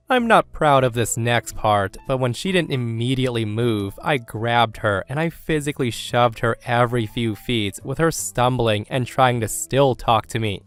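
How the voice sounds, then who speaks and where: A man narrating a scripted first-person story in a steady, even reading voice. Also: mid-range voice, normal speed, hardly any pauses, clean tone. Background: faint music.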